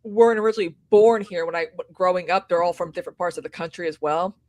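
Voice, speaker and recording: A woman who grew up in South Carolina, co-hosting a casual live chat and rambling through animated stories. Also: fairly low pitch, quick pace, no room sound. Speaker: stream co-host.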